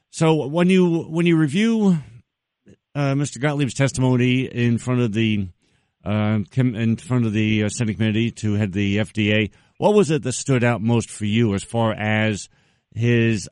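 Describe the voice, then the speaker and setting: Brief: low-pitched male radio host, dry studio sound. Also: a little mellow, no echo. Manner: halting questions with many "uh" restarts. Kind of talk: radio interview.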